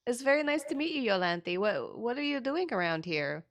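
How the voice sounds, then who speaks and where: A woman voicing an excitable, cheerful tiefling girl who talks about herself in the third person, in an eager, bubbly manner. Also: medium pitch, measured pace, no room sound, studio quality, pitched above the performer's own voice, close to an everyday voice. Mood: excited.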